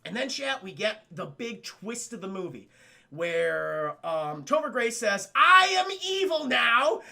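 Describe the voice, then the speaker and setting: A man's voice: sits high, expressive, a little slow, vocal fry, bright, forceful tone. A man streaming live, recapping a movie in a casual, profane, rambling way while talking to his chat. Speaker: streamer reviewing a film.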